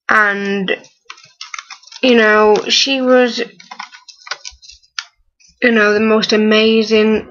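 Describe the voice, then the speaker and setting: A young woman in her early twenties, close to tears, talking haltingly with many fillers and restarts in a personal vlog. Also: medium pitch, fairly bright tone, highs cut off. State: on the verge of tears. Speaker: vlogger.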